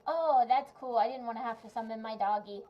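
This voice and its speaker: A woman's voice: a little high, fairly quick, close to an everyday voice. A woman voicing a cheerful, curious little girl summoner in a tabletop game, talking in a bubbly, chatty way. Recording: muffled lo-fi mic.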